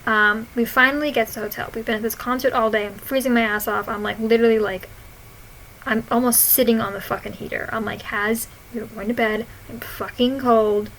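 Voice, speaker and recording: A young woman reads her own old posts aloud in a loose, casual vlog. She giggles often, swears freely and retells her stories with plenty of animation. Her voice is fairly high and very bright. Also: steady tone, quick pace, slight background noise, poor audio. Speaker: vlogger.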